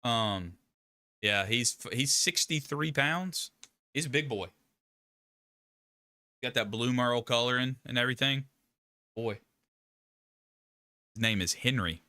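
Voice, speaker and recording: A man's voice: medium pitch, animated, measured pace, long pauses, bright, forceful tone, no room sound. An older man, hosting a casual live stream, talking in a rambling, emphatic way with frequent restarts.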